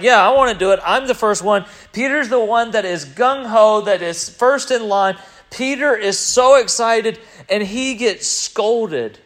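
A man preaches a sermon animatedly in a high-pitched voice, moving between loud, emphatic passages and quiet, reflective stretches.

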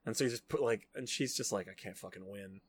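A man hosting a podcast, retelling a film scene by scene in casual chat and acting out the characters' lines in quick put-on voices. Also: fairly low pitch, husky, dry recording. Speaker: podcast host. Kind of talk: casual movie recap chat.

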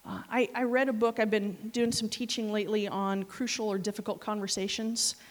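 A woman preaching a sermon, telling stories with laughs, asides and animated quoted reactions. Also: medium pitch, brisk. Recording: long hall reverb.

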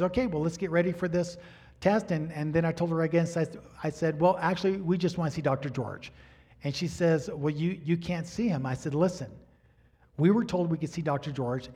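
High-voiced man telling a sermon story. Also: breathy edge. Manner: animated storyteller acting out quoted dialogue. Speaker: pastor.

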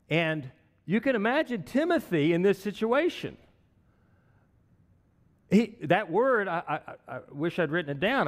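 A man's voice: high voice, long reverb tail. A man in his sixties preaching a sermon in a conversational, storytelling way, with chuckling asides. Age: 60s.

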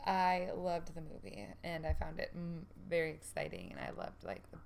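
A woman's voice: low-pitched, big pitch swings, moderate pace, gravelly, darkish tone, a little hiss or hum. A woman co-hosting a casual chat about a film, rambling and hedging as she talks. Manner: rambling, hedging, laughs often.

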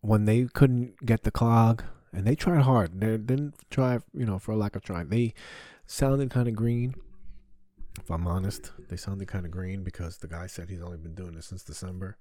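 A man with a low, mellow voice rambles through a crude, profanity-laced story. The recording is dry and close, made in his home basement as a casual comic podcast monologue. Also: normal speed, dry recording. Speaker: podcast host.

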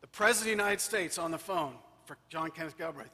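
A man preaching from the pulpit with a high, bright, forceful voice. He drives his points home by repeating phrases. A long church reverb trails behind every line. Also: fast. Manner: emphatic, repeating phrases for rhythm. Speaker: priest. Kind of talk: sermon.

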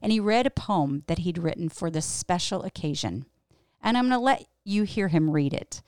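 A woman's voice: on the low side, expressive, normal speed, darkish tone, no echo, studio quality. A middle-aged woman, a host and pastor, telling a personal story in a reflective, candid way with emphatic repetition.

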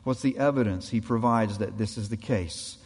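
A man's voice: on the low side, moderate pace, a little mellow, breathy edge, in a large hall. A man preaching a sermon, dramatically acting out the voices in the passages he quotes. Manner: dramatic, acts out quoted voices of God and people.

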